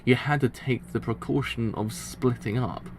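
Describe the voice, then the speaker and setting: Brief: man doing a hot-headed hitman, gravelly, ranting, read from a comic. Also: mid-range voice, fairly even intonation, moderate pace, a little mellow, slight background noise, close to an everyday voice. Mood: menacing. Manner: ranting, swearing, breaking into laughs. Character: furious male ice-wielding hitman, hot-tempered. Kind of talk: reading comic dialogue aloud.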